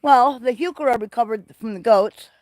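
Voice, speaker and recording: Chatty high-voiced man touring his garden. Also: moderate pace, no room sound. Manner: excitable, chatty and rambling. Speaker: livestream host. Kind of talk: casual walking garden tour. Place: greenhouse and garden, partly outdoors.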